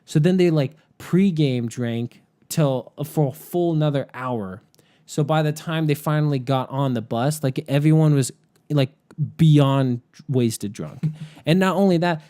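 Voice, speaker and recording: A man with a slightly high voice tells a rowdy story in casual podcast chat. He is animated and laughs often, with fillers scattered all through. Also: measured pace.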